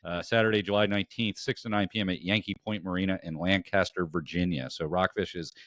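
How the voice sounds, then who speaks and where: A man's voice: low-pitched, steady tone, quick pace, a bit bright, no echo, studio quality. A man hosting a podcast, chatting casually and rambling through plugs and introductions. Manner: rambling with frequent fillers and restarts. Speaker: podcast host.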